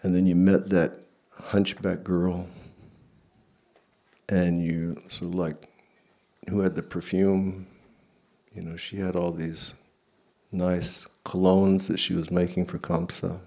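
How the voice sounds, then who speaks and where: A man's voice: deep voice, flat delivery, takes it slowly, pauses often, warm tone, full character voice. A man doing a fond, rambling devoted companion. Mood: reminiscing. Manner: casual, rambling with fillers. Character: devoted male companion, reminiscing fondly.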